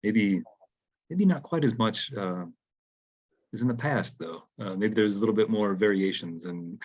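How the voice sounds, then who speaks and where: Deep-voiced man interviewer, dull sound. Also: normal speed. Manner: relaxed, frequent backchannels and hesitant fillers. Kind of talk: casual interview chat.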